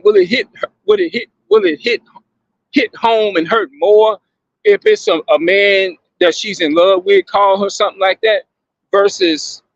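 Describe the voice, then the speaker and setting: Gravelly man musing aloud to viewers. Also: sits high, dry recording, lo-fi sound. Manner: questioning, repetitive, emphatic. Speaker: commentator addressing viewers. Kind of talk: casual monologue to viewers.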